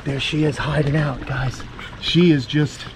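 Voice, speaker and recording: A man vlogging outdoors, coaxing a big lizard along in a sing-song voice and talking excitedly to his viewers. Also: fairly high pitch, a little slow, a little hiss or hum. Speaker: reptile keeper vlogger. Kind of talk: excited outdoor vlog narration. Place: outdoors on a property.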